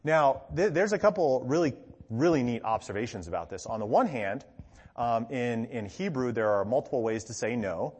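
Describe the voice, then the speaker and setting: A man's voice: mid-range voice, normal speed, slightly rough. A man giving a conversational teaching sermon as a pastor, often checking in with the congregation and stressing key words with animation. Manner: conversational, frequent "okay?" check-ins, animated emphasis. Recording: long hall reverb.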